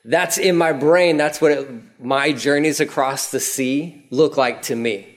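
A man preaching a casual, conversational sermon, telling the story vividly and acting out prayers in a raised voice. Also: a little slow. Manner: animated storytelling, acts out prayers in a raised pitch. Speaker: pastor.

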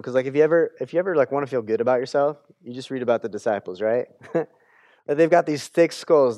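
A man's voice: medium pitch, no room sound. Conversational man preaching in a dry room. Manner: conversational, repeats words when restarting, quotes scripture with animated voices. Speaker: pastor. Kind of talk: sermon.

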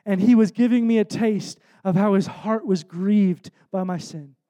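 A man's voice: high voice, normal speed, dark tone. A young man preaching a sermon in an earnest, conversational way, telling an emotional personal story. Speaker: worship leader preaching.

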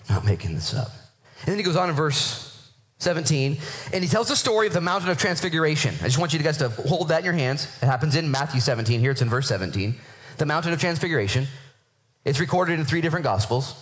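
Lively pastor preaching. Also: male voice, fairly high pitch, fast talker. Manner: animated, acts out voices of Bible figures. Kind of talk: sermon. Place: church.

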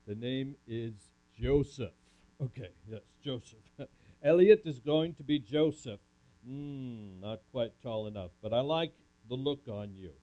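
A man's voice: medium pitch, a little slow, dark tone. A man giving a first-person dramatic monologue as a camp speaker, talking with an audience volunteer in a theatrical way. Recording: muffled lo-fi recording.

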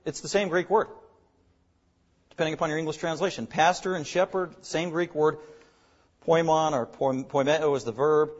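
A man with a high voice preaches to his congregation as their pastor. He explains terms step by step and hammers key words through repetition. The recording sounds dull and lo-fi. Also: fairly even intonation, moderate pace, long pauses. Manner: explanatory teaching, emphatic repetition. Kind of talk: sermon.

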